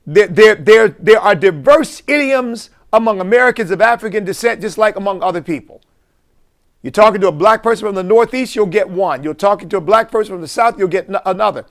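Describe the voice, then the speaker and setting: A man's voice: sits high, a little fast. A man, a bishop, giving impassioned preaching-style commentary full of rhetorical questions.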